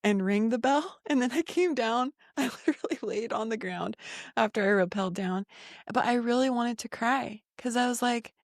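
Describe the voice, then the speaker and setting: A woman co-hosting a podcast, telling a personal story in a casual, animated way and acting out the voices in it. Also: fairly high pitch, moderate pace, no echo, studio quality. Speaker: podcast co-host.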